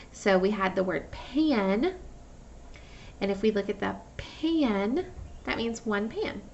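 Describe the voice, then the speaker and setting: A woman's voice: medium pitch, gravelly, far from the mic, dull audio, a little hiss or hum. A woman teacher giving a phonics lesson to young children, patiently sounding out words and asking questions. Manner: slow, patient, stretches out sounds and asks questions.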